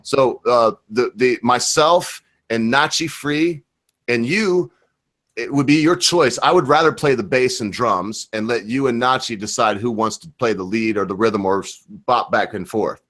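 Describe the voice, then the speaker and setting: A man's voice: medium pitch, unhurried, a bit bright. A drunk man from Michigan hosting a casual livestream chat, crude and rambling. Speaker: livestream host.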